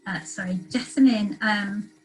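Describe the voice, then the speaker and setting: Slow, hesitant woman lecturing. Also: medium pitch, rough recording. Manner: hesitant, many ums and uhs. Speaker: guest lecturer. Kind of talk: academic lecture.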